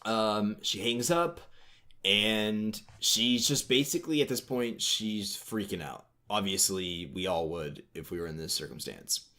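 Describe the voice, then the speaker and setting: A man's voice: on the low side, a little slow, bright, forceful tone. A man co-hosting a podcast, casually recapping a book in a rambling way with lots of fillers. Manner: rambling, filler-heavy retelling. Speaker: podcast co-host.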